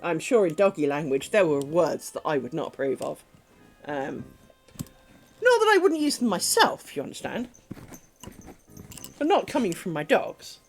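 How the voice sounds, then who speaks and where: A British woman chatting casually on a crafts livestream, telling rambling, animated stories full of ums and the odd swear word. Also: sits low, a little slow, pauses often, soft background music. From Britain. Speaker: crafts streamer.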